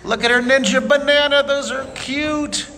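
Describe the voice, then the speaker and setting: Upbeat male art teacher, high and bright, recorded in an echoey hall. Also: fairly even intonation, moderate pace. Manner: enthusiastic, cheering on children. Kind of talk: live drawing lesson with kids. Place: museum room with children. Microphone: leaning close to camera. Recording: echoey hall, noisy room.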